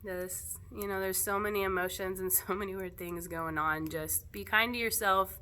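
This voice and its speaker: A woman yoga teacher speaking casually to her students in a gentle, reflective way, laughing softly now and then. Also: medium pitch, steady tone, moderate pace, a little hiss or hum. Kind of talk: casual spoken talk to students.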